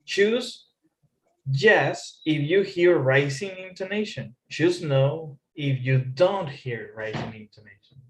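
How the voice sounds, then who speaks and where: A man's voice: fairly high pitch, lively intonation, takes it slowly. A man teaching an English lesson, patiently repeating phrases and explaining rising intonation. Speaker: English tutor.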